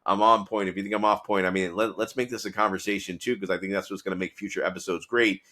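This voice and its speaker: A man's voice: low-pitched, steady tone, fast talker, sharp tone. A man hosting a solo podcast, talking through a TV episode in a rambling, conversational way with many restarts. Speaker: podcast host and business consultant.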